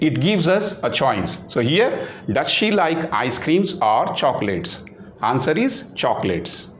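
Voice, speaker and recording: A man's voice: fairly high pitch, reverberant, a little hiss or hum. A man with an Indian English accent teaching an English lesson, explaining patiently and repeating himself with many fillers. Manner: repetitive, many fillers, spells words out. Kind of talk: slow classroom explanation.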